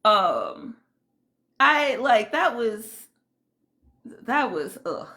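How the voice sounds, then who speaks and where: A woman's voice: on the high side, big pitch swings, very slow, bright, forceful tone. A woman hosting a casual livestream, greeting viewers and giving indignant, rambling commentary full of fillers. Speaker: livestream host.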